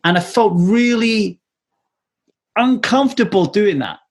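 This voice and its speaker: A man's voice: high voice, expressive, unhurried. A man hosting a casual interview, candid and swearing freely as he tells stories. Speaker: podcast host.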